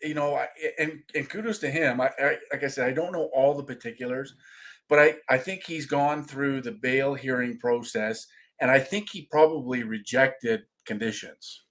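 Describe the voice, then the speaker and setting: A male podcast host in a casual conversation. He talks in a measured, careful way, often restarting and hedging his points, in a mid-range voice. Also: medium pitch, a bit bright.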